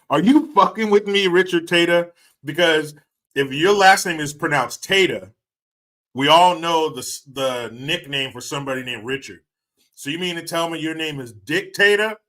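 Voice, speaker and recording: A middle-aged man with a bright, forward voice hosts a casual live stream. He chats loosely with viewers, cracks jokes, laughs often and swears freely. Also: fairly high pitch. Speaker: livestream host.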